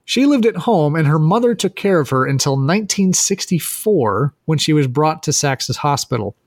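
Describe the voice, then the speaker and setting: A man's voice: a little high, expressive, normal speed, dry recording, clean studio sound. A man hosting a podcast who tells a story in a casual chat, hedging often and using "like" a lot. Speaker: podcast host telling the story.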